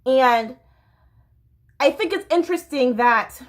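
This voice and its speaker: Woman podcast host with a high voice, speaking solo in a heated, rambling casual monologue. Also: animated, slow. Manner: impassioned, rambling, self-interrupting. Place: home near a train line.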